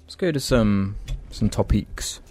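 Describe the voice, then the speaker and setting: A man's voice: on the low side, animated, unhurried, a little mellow, faint music behind. A man hosting a casual podcast with friends, dry and blunt and swearing casually. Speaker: podcast host and editor.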